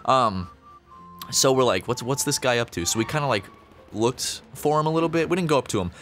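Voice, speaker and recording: A man's voice: medium pitch, expressive, brisk, a bit bright, soft background music. A young man chatting on a podcast, telling a rambling story with lots of fillers and swearing. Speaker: podcast co-host. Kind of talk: casual storytelling chat.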